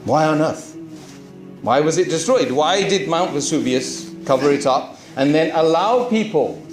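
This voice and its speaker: A man, a Muslim preacher, telling his story to a live audience in an animated way, full of rhetorical questions. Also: a little high, measured pace, roomy sound, faint music behind. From Britain.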